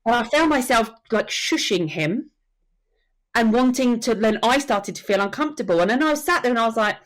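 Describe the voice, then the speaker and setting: A woman's voice: a little high, animated, brisk. A woman working as a death educator, telling stories earnestly and acting out what people said in a podcast conversation. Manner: earnest storytelling, acts out quotes. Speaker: soul midwife and death educator.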